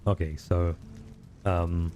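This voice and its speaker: A man's voice: sits low, little pitch movement, slow pace, warm tone, faint music behind. A man hosting a let's play, chatting casually with self-deprecating asides while reading game text. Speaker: gaming video host.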